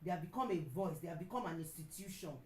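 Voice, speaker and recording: A middle-aged Nigerian woman preacher and counselor giving an emphatic sermon. She repeats her key lines and sometimes breaks into loud outbursts. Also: on the low side, racing, roomy sound, rough recording. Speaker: pastor and counselor.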